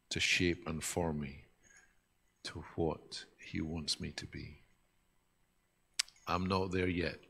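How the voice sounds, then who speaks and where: A man preaching a sermon in an earnest, reflective way, often dropping to a soft hush. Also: deep voice, gravelly, slightly rough. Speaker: pastor.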